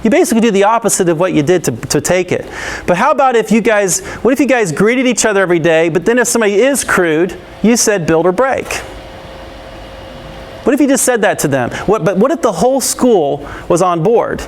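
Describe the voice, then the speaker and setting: Speaking briskly in an expressive, high-sitting voice, a man gives an interactive anti-bullying talk to a school audience. He's engaging, peppering listeners with questions, laughing often and acting out scenes, with slight background noise.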